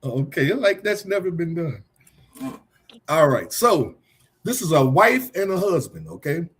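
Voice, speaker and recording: Husky guy hosting a podcast, high voice, all over the place, laughs a lot. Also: big pitch swings, unhurried. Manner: laughs often, teasing, loose and conversational. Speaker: podcast host. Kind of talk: casual talk show chat.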